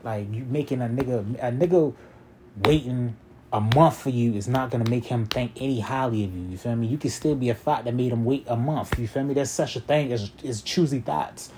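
A man's voice: mid-range voice, brisk, warm tone, slight background noise. A man in his twenties telling a long story in a casual, rambling and profane way, with constant "you feel me" fillers.

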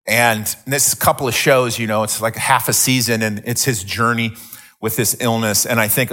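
A man's voice: medium pitch, steady tone, moderate pace, sharp tone. A middle-aged man preaching a sermon, telling a story with many restarts before teaching. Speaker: pastor.

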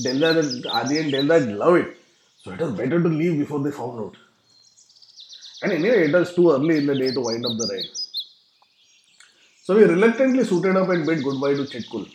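A man's voice: a little high, animated, a little fast, long pauses, darkish tone, roomy sound, slight background noise. A man narrating a humorous travel story, acting out sound effects. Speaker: travel vlogger.

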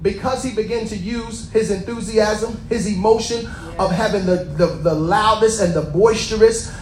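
A man preaching a sermon in a very high voice, with a strong roomy echo around him. He reads scripture aloud and then presses his point with impassioned calls that climb into shouting. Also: moderate pace. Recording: echoey room.

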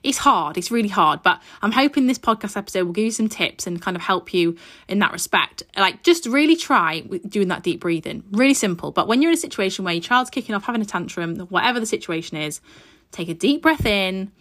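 A woman talks through a parenting podcast episode from home. Her tone is chatty and reassuring, and she lays out practical tips. Her voice sits at an ordinary middle pitch. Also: expressive, fast, a bit bright. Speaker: podcast host. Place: at her mother's house, indoors. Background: aeroplane overhead at times.

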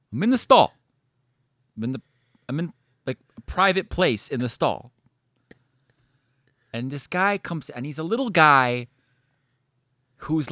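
A man telling a story in casual conversation, animated and swearing often, with frequent restarts and filler likes. His pitch sits in an ordinary middle range. The sound is dry and close. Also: no echo.

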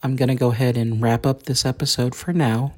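A woman playing an awkward podcast host who speaks haltingly, with many fillers and restarts, in an improvised comedy sketch. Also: a bass voice, fairly even intonation, darkish tone, pitched below the performer's own voice. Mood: apologetic. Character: awkward, hesitant podcast host, a young man.

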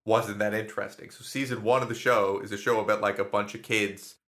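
A young man with a low voice that still has a bright, forceful edge. He rambles through casual comedic chat, swearing freely and laughing a lot. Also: steady tone, brisk. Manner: rambling, profane, laughing often.

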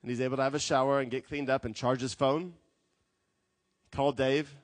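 A man preaching a sermon as a pastor, telling stories with lively acted quotes. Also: medium pitch, brisk, no room sound. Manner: animated storytelling with acted quotes.

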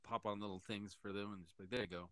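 A man co-hosting a casual podcast, making deadpan jokes. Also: fairly low pitch, racing, no echo. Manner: joking, deadpan quips. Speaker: podcast co-host. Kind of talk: casual chat.

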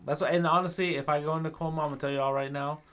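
Very fast and on the high side, this co-host's voice is clear and resonant as he joins a casual podcast chat. He tells animated stories full of swearing and acted-out quotes.

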